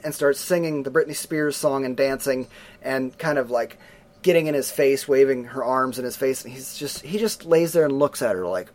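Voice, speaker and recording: A middle-aged man talks loosely and at length about a movie, his pitch sitting mid-range. He slips into acted voices as he retells scenes, keeping a relaxed, conversational flow. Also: moderate pace. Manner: animated storyteller, acts out scenes in voices. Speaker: podcast co-host reviewing a film. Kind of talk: casual chat.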